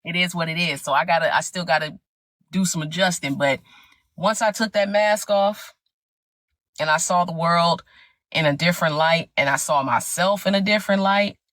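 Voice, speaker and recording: A middle-aged woman sharing her personal story with animated, emphatic conviction. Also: fairly low pitch, moderate pace, dry recording. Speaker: guest. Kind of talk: personal testimony in conversation.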